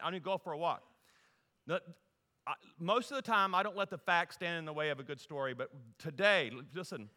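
A middle-aged man from Louisiana, preaching a humorous storytelling sermon that moves from loud to hushed. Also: sits high. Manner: animated, humorous, folksy, shifts from loud to hushed. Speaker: guest preacher. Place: church sanctuary. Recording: long reverb in a large hall.

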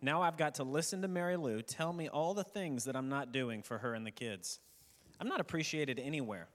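A man's voice: mid-range voice, fairly quick, a bit bright, close to an everyday voice. A man playing a weary, grumbling husband in a hall. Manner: grumbling, self-pitying.

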